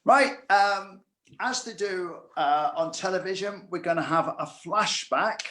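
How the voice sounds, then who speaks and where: A man's voice: sits high, unhurried, sharp tone, a little hiss or hum. A man from Scotland hosting a club Q&A, introducing guests with frequent fillers. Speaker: host of club Q&A. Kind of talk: hosting a live Q&A.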